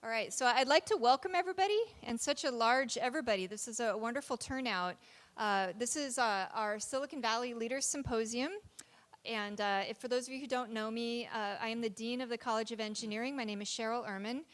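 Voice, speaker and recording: A woman's voice: fairly high pitch, brisk, a bit bright. A woman, a college dean, giving a formal introduction into an amplified microphone in a university lecture hall, chatty with light laughs and fillers.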